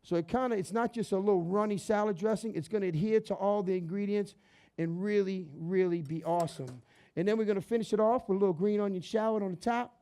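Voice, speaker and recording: A man's voice: sits high, quick pace, mellow, clean tone. A man hosting a cooking demonstration, upbeat and chatty, calling his audience "guys" and "baby". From New Orleans area, Louisiana. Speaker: chef hosting a cooking show.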